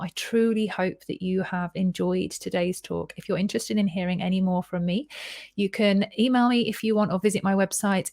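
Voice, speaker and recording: A woman personal responsibility coach giving a calm, instructive talk that lays out points step by step. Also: medium pitch. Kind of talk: recorded live-event talk.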